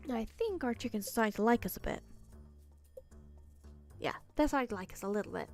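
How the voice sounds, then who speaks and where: A woman's voice: fairly high pitch, big pitch swings, normal speed, pauses often, a little mellow, soft background music. A woman streaming a farming game, chatting casually with viewers and playfully talking to in-game items with frequent giggles. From Wales. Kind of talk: casual live-stream gameplay chat.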